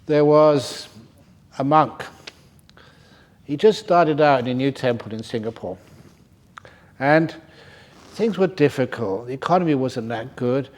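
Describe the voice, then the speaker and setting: A man's voice: mid-range voice, animated, a little slow, long pauses, a little mellow. An older man giving a humorous Dharma talk at a meditation retreat, telling stories and chuckling often. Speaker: meditation teacher. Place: retreat centre hall.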